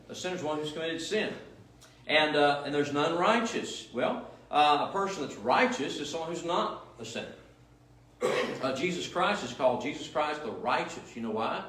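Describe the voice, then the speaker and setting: A man's voice: a little high, a bit bright. A male pastor preaching a sermon in an emphatic, repetitive style full of rhetorical questions, heard in a church. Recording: echoey room, mic at a distance.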